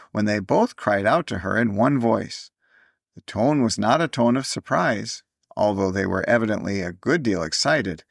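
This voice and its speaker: A man reading a classic story aloud in measured audiobook narration. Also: lowish voice, creaky, no room sound, clean studio sound.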